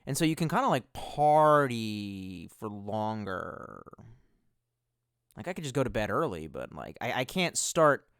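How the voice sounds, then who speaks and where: A man's voice: fairly low pitch, very animated, a little slow, a bit bright, smooth, dry recording, studio quality. A man chatting casually and profanely on a livestream, rambling from one thought to the next with self-mocking asides. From United States. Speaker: streamer.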